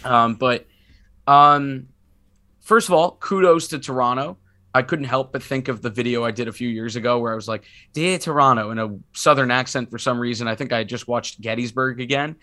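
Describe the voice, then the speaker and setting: A man's voice: medium pitch, fairly even intonation, a little fast, bright, forceful tone. Sick man rambling on a sports podcast. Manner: rambling, self-mocking, many restarts. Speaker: podcast co-host. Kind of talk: casual sports podcast chat.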